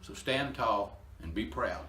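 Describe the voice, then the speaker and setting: An older man tells his story in an earnest, emotional, homespun way. His voice is bright and forceful. The sound rings around the hollow space of a barn. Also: lowish voice, expressive, slow pace, reverberant, a little hiss or hum. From Indiana, USA. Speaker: inspirational storyteller. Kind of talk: personal testimony talk.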